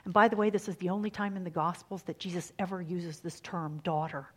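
A woman giving a sermon, dramatic and swinging from hushed near-whispers to emphatic lines. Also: lowish voice, steady tone, brisk. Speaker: speaker giving a faith talk.

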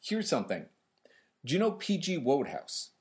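A man co-hosting a podcast, casually talking through historical events in a relaxed, explanatory way. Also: on the high side, moderate pace. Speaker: podcast co-host.

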